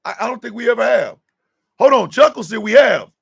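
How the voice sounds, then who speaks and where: A man hosts a casual live stream with a gravelly, husky voice. He sits high for a man and swoops all over his range as he scolds in theatrical mock outrage. He keeps landing on a drawn-out "sir.". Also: animated.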